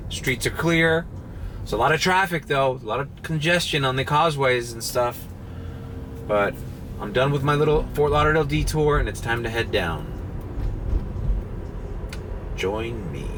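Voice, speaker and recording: A man's voice: medium pitch, a bit bright. A man vlogging casually while driving rideshare, rambling and swearing freely. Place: inside a car on city streets. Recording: noisy car cabin. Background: car and road noise.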